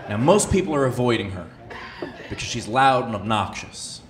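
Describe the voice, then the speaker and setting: A man performing stand-up comedy, telling a story in an animated way that sometimes breaks into shouted outbursts. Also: mid-range voice, normal speed, crowd noise. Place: comedy club stage. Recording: roomy live club sound with audience.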